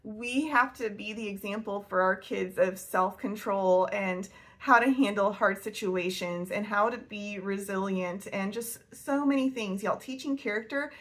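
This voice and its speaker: A woman's voice: medium pitch, a little slow, fairly bright tone. A woman, talking casually to camera as a homeschool vlogger, chatty and laughing often. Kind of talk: casual faith-based talk to camera.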